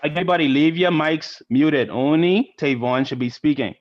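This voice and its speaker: A man's voice: fairly high pitch, normal speed, muffled recording, faint music behind. A man from the Bahamas, a volunteer art teacher, reading a story to children over a video call in a chatty way, often asking "right?". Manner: chatty, asks the kids "right?". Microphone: computer mic on a video call.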